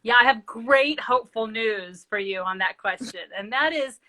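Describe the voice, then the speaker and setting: A woman's voice: on the high side, normal speed, pushed and bright. A middle-aged woman, a parenting expert, explaining earnestly in a live interview and telling stories with quoted dialogue.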